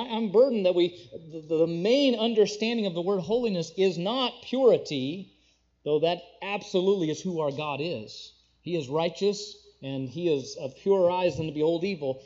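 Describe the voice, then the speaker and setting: A high-voiced man preaching a sermon, his delivery climbing loud and high on key points, then sinking low and soft. He slows right down to read scripture in old-fashioned wording. The recording is dull and lo-fi. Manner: swells loud and high on key phrases, drops low and quiet between. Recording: dull, lo-fi sound.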